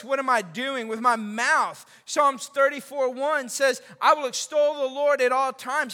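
A man preaching a sermon as pastor in a church service, animated and conversational with joking asides. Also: very high voice. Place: large church during a service. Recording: long reverb of a large church hall.

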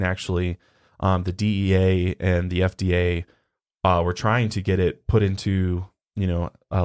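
A man co-hosting a podcast in a relaxed, rambling way, full of "you know" and "um". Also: low voice. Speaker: podcast co-host. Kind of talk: casual podcast chat.

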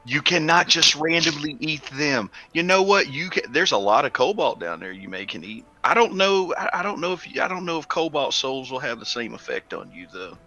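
A man's voice: a little high, big pitch swings, fairly quick, few pauses, bright, forceful tone, lo-fi sound. A man playing a tabletop game, joking and speaking in character. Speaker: player. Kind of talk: tabletop role-play.

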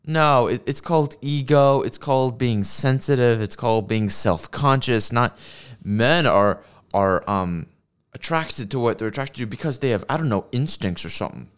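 Swearing freely and laughing at his own jokes, a man delivers sarcastic ranting commentary while watching videos on a stream. He's on a desk streaming mic with a mixer. His medium-pitched voice is smooth and moves at a moderate pace.

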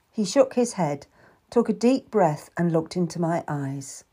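A woman narrating a historical novel in the first person, with measured, intimate storytelling. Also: lowish voice, lively intonation, dark tone, breathy edge. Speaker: audiobook narrator.

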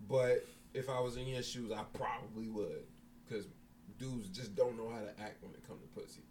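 A man's voice: mid-range voice, steady tone, moderate pace, darkish tone, far from the mic, slight background noise. A man telling a profane story in a casual chat among friends, acting out voices in his quotes.

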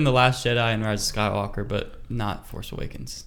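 A man's voice: lowish voice, steady tone, normal speed, gravelly, fairly bright tone. Young male podcast co-host, enthusiastic, opinionated fan, casual delivery. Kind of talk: casual chat.

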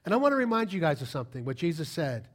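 A man preaching a sermon to a congregation, lively and direct, often putting rhetorical questions to his listeners. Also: a little high, very fast.

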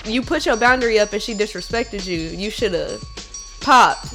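A woman's voice: medium pitch, lively intonation, moderate pace, fairly bright tone, soft background music. A woman voicing a little shoulder demon that goads her toward a fight, blunt and profane. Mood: goading.

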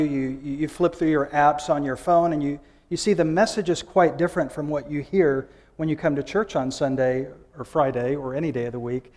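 Male preacher, casual conversational sermon, fairly high voice, reverberant hall. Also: darkish tone. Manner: conversational, with frequent fillers and restarts. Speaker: guest preacher.

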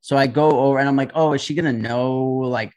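A man co-hosting a podcast, telling a story in casual chat and acting out the people he quotes. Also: fast. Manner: animated, acts out quoted voices with big pitch jumps. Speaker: podcast co-host.

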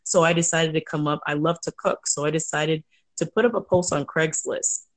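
A woman telling stories in a chatty, animated way as an interview guest. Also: deep voice. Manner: chatty, animated, quick asides. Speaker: guest, entrepreneur. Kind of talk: casual storytelling.

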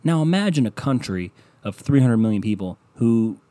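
A man doing a rambling comedic monologue, sarcastic and profane, with sudden loud bursts. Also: mid-range voice, animated, normal speed, no echo.

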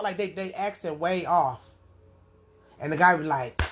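A woman's voice: lowish voice, measured pace, long pauses, slight background noise. Rambling, colloquial woman podcaster. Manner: rambling and colloquial, with frequent "you know what I'm saying". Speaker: podcast host. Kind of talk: casual spoken monologue.

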